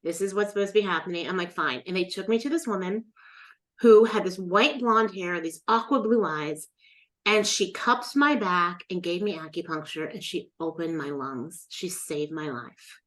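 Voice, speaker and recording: A woman's voice: fairly low pitch, a little slow. A middle-aged woman telling a personal story as a guest in a casual interview, acting out the voices of the people in it. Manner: animated storyteller, acts out quoted voices.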